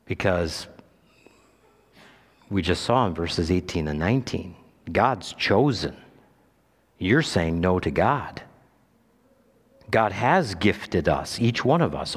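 Male pastor, emphatic sermon delivery, low voice and unhurried pace, long church reverb. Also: husky. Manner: emphatic preaching, climbing high on Scripture quotes. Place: church sanctuary.

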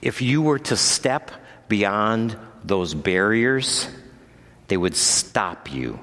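A man preaching a sermon as pastor, moving from measured teaching to loud, emphatic proclamation. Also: animated. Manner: builds from low measured teaching to loud, high-pitched preaching. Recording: long hall reverb.

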